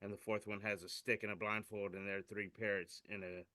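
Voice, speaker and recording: A man co-hosting a casual podcast, describing meme pictures and reading their captions with animated delivery. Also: fairly low pitch, brisk, dry recording, studio quality. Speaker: podcast co-host reading memes. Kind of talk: casual chat, describing memes aloud.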